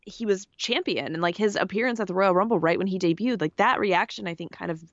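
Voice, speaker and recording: A woman's voice: medium pitch, fast talker, dry recording, dull audio. A woman co-hosting a podcast, chatting in a rambling way with lots of fillers. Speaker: podcast co-host. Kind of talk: casual wrestling podcast chat.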